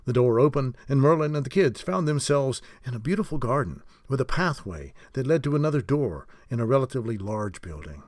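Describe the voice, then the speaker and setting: Male storybook narrator, animated delivery, dry close recording. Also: medium pitch, brisk, few pauses, no echo. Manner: expressive storytelling. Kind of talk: audiobook narration.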